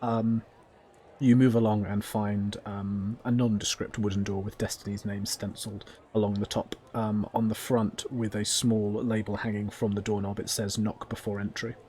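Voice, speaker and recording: A man's voice: lowish voice, level tone, moderate pace, mellow, a little hiss or hum. A man narrating a tabletop game as game master, descriptive and hesitant with frequent ums.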